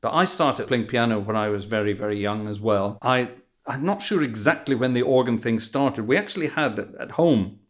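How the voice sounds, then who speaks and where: A man's voice: mid-range voice, normal speed. A man from Inverness, hosting a casual chat over a video call in a friendly, playful way. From Inverness, Scotland. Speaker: organist, podcast host.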